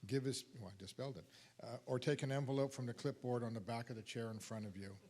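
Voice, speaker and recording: A man's voice: medium pitch, fairly even intonation, fast, darkish tone. A man leading a church service, giving friendly, plain-spoken announcements about prayer and giving. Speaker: service leader.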